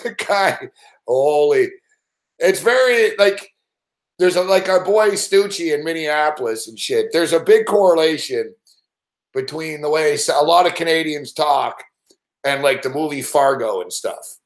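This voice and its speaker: A man's voice: a little high, lively intonation, unhurried. A man hosting a casual live reaction chat, laughing, swearing and rambling as he talks. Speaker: host.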